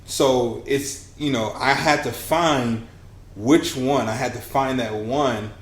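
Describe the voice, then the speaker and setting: A man in his thirties, a podcast guest and business coach, telling his story in a lively conversational way and acting out the dialogue he quotes. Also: mid-range voice, takes it slowly. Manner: animated, acts out quoted dialogue. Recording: roomy with faint hiss.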